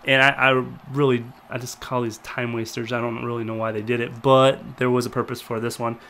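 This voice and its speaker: A man's voice: medium pitch, level tone, brisk, bright, forceful tone. A man co-hosting a casual review chat, rambling and hesitant, full of fillers and restarts. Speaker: podcast co-host.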